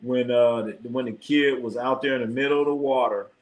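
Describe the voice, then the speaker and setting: A man hosting a casual sports livestream, reacting to the chat in a jokey, animated way. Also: mid-range voice, a little fast. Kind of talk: casual live chat commentary.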